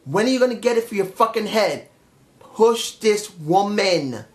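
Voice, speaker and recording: A man's voice: high-pitched, lively intonation, unhurried, slight background noise. A man reviewing a wrestling show in an angry, frustrated vlog rant, swearing as he goes.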